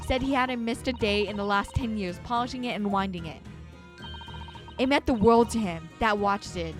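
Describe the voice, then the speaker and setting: A woman voicing a cheeky young female street pickpocket, speaking brash and slangy in a voice lower than her own. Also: moderate pace, faint music behind, lightly acted.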